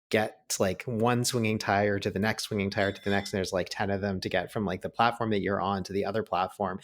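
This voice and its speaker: A man, a podcast guest, telling a personal story in a chatty way, full of filler words. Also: on the low side. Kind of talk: storytelling in an interview.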